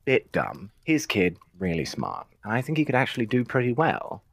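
A man's voice: medium pitch, wildly swooping pitch, moderate pace, creaky, dry recording. A man playing an eccentric male dragonborn sorcerer in a tabletop game, talking in a chatty, genteel manner. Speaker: player voicing a dragonborn sorcerer. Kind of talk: tabletop role-play in character.

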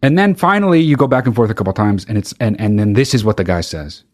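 A man's voice: fairly low pitch, lively intonation, fast talker, darkish tone. A man hosting a solo podcast, ranting in a heated, profane way and often restarting his sentences. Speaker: podcast host. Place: very hot recording space.

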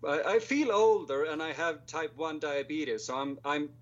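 A man's voice: fairly high pitch, normal speed, dull audio. A man in his late twenties with a Swedish accent, a filmmaker guest speaking casually and self-deprecatingly, hesitating with many fillers. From Sweden. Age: 20s. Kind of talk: casual interview over a call.

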